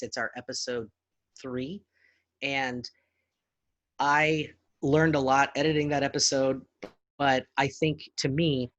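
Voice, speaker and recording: A man in his forties, an actor talking as a guest in a casual interview, animated and laughing easily. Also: medium pitch, dry recording. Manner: animated, laughs easily, slips into accents for jokes. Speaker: actor and podcast producer, guest.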